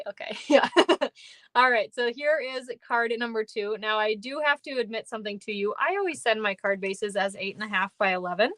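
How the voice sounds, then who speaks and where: A woman's voice: fairly high pitch, fairly bright tone, no room sound. A woman with a Minnesotan accent hosting a live card-making class, chatty and upbeat, often laughing and greeting viewers by name. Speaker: stamping class host.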